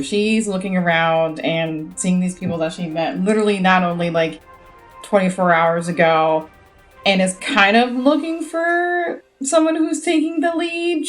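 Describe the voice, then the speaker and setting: A woman player talking in a flustered, rushed way about her character. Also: medium pitch.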